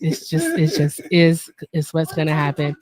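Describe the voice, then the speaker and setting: A woman's voice: low voice, level tone, moderate pace, crowd noise. A woman hosting a casual livestream, chatty and playful with a teasing manner. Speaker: livestream host.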